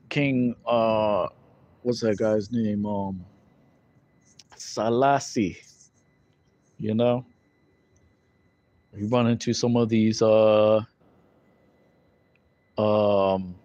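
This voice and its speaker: Slow, dark-voiced man teaching scripture. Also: fairly low pitch, no room sound. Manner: loose and conversational, many fillers and tag questions. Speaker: Bible teacher. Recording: dull lo-fi recording.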